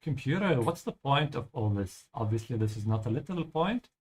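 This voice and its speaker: Professor de idiomas paciente, homem. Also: male voice, mid-range voice, expressive, a little fast, a little mellow, husky. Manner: patient, checks in with "yeah?". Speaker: language teacher. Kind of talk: explaining vocabulary over gameplay.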